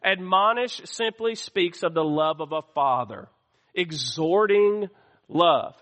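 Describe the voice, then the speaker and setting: A man's voice: sits high, animated, slow pace, fairly bright tone, long reverb tail. A man preaching a sermon as pastor, calling out to the church and asking for amens. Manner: call-and-response preaching, asks the church for amens. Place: church sanctuary.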